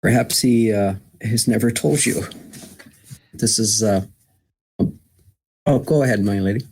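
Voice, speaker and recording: Sex: man. Role: player. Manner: courteous, formal, in character. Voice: husky, slow. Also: on the low side, darkish tone, poor audio. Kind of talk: in-character roleplay.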